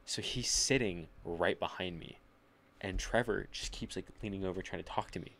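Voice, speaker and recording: Very low-voiced young man telling stories. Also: normal speed, a bit bright, a little hiss or hum. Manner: storytelling, lots of filler "like", swearing. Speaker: podcast guest. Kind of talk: casual chat. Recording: live podcast.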